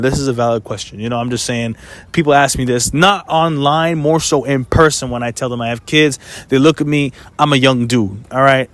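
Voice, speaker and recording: A man's voice: mid-range voice, steady tone, brisk, fairly bright tone, dry recording. A young man, talking casually to camera in a blunt, swearing monologue full of "you know" fillers. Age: 20s. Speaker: vlogger.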